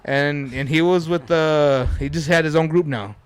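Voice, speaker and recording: A man's voice: fairly high pitch, moderate pace, clean tone. Man telling a story, profane and rambling. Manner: profane, rambling, drops Spanish words. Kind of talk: casual storytelling.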